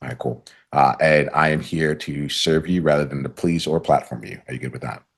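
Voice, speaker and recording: A man's voice: extremely low pitch, fairly quick, husky. A man hosting a coaching podcast, talking in a rambling way with many fillers and restarts. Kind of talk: conversational coaching session.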